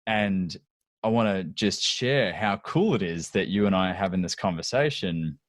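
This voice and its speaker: A man's voice: sits low, moderate pace, no echo, clean studio sound. A middle-aged man hosting a podcast, chatting with enthusiasm, laughing often and telling anecdotes. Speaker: podcast host. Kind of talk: casual interview chat.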